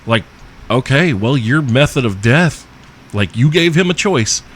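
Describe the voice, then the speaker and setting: A man's voice: mid-range voice, expressive, measured pace, a bit bright, slight background noise. A man hosting a podcast, answering listener questions in a crude comedic rant, profane and joking with frequent chuckles. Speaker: podcast host.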